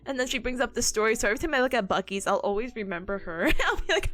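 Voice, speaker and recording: A woman's voice: fairly high pitch, big pitch swings, fairly quick, fairly bright tone. A woman streaming and chatting casually, telling stories in a bubbly, giggly way. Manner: giggly, bubbly storytelling, frequent laughter.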